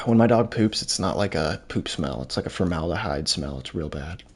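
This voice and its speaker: A man's voice: sits low, expressive, moderate pace, slightly rough. A young man chatting casually while streaming a game, rambling and reading chat aloud. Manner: rambling, laid-back, reads chat aloud.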